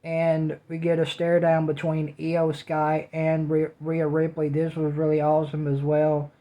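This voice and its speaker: A man talks through a recap in a casual reviewer's manner, his voice sitting slightly high yet dark and mellow in tone. His delivery barely moves in pitch, an almost flat drone. He keeps repeating the same words of praise. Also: a little slow, rough recording. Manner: repetitive, restating praise over and over. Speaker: wrestling show reviewer.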